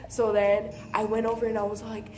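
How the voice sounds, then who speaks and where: A young woman recounts her childhood in a loose, chatty vlog, her voice sitting a bit high. She jumps into little acted-out bits of dialogue as she goes. Soft music plays faintly behind her. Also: brisk. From Southern California. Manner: chatty, animated, acts out quoted voices. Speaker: vlogger. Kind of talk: casual storytelling.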